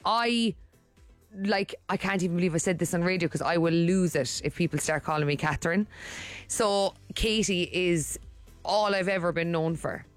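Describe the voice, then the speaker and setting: A woman's voice: lowish voice, normal speed, no echo, soft background music. A woman co-hosting a morning radio show, telling a rambling story in casual chat with lots of restarts. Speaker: radio co-host. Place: radio studio. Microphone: studio microphone.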